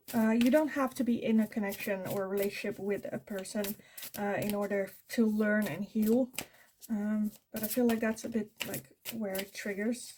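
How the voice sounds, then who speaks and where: A woman's voice: fairly high pitch, a little hiss or hum. Dutch-accented woman, tarot reading. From Netherlands. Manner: thinking aloud, self-correcting, soft fillers. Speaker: tarot reader. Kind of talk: pick-a-card tarot reading.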